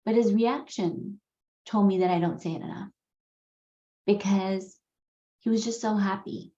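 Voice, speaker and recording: A woman's voice: medium pitch, fairly even intonation, unhurried, long pauses, dark tone. A woman in her forties hosting a podcast, telling a personal story in a candid, earnest way with casual swearing. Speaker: podcast host. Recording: slightly dull, roomy recording.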